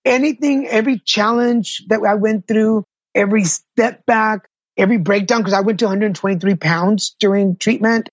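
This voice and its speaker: A man's voice: high voice, steady tone, moderate pace, slightly rough, dry recording, muffled recording. A middle-aged man, a patient advocate, telling his personal story in an interview, earnest and candid. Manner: earnest, candid, self-deprecating.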